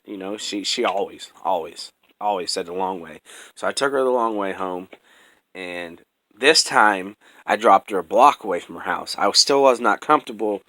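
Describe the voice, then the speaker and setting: A man's voice: deep voice, normal speed, pushed and bright, no echo, low-quality recording. A young man telling his own life story in casual chat, rambling and profane with many restarts, earnest and close to emotion.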